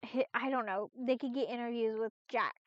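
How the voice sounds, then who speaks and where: Rambling higher-voiced woman streamer. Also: fairly even intonation, moderate pace. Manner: rambling, many restarts and fillers, casual swearing. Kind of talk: casual live-stream chat. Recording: dull, lo-fi, dry stream audio.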